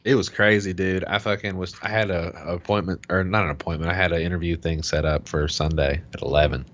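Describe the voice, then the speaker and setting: Brief: very deep male podcast co-host, casual and profane, dull lo-fi sound. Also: fairly even intonation, fast. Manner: profane storyteller, acts out heated quotes loudly.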